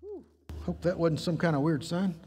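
A high-pitched man preaches a lively sermon, teasing and coaxing his congregation along. His voice rings through a church sanctuary with a long reverb tail. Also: normal speed, loud music behind the voice. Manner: playful, coaxing the congregation, emphatic storytelling. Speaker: pastor.

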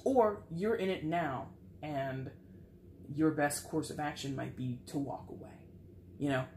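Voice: mid-range voice, unhurried, a little mellow, slight background noise. Frank, sighing tarot reader in an echoey room. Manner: frank, conversational, swears, sighs often. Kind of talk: casual tarot reading to camera. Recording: echoey room with faint ambience.

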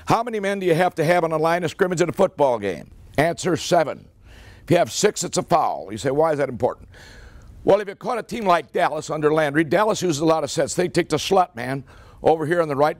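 A man's voice: fairly high pitch, no echo. An older American man giving a humorous after-dinner speech, telling a football story in a folksy, punchy way and acting out the dialogue. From United States. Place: club meeting hall.

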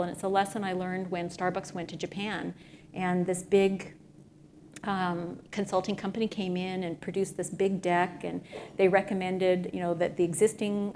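A middle-aged woman giving an energetic talk to an audience, telling stories with frequent fillers. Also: medium pitch, a little hiss or hum. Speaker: speaker at a business event.

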